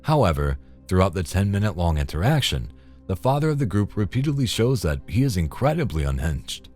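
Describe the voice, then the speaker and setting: A man with a very low voice reads scripted commentary in a dry, disapproving way, and his pitch moves a lot. Faint music plays under the voice-over. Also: big pitch swings, a little fast, darkish tone. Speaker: narrator.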